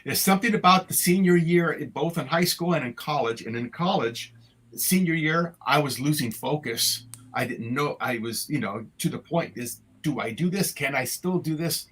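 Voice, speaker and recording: An older man with a husky, slightly breathy voice, recounting memories as an interview guest. He tells his stories haltingly, with many fillers and restarts, over a video call. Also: fairly high pitch, a bit bright, low-quality recording. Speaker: retired music educator, guest. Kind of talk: conversational storytelling.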